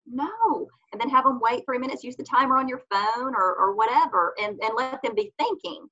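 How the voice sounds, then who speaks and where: A woman's voice: on the high side, a little fast, bright, forceful tone. Earnest woman on a lo-fi podcast. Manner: earnest, explanatory, acts out mother-child dialogues. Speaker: guest on parenting podcast. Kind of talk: faith-based parenting talk.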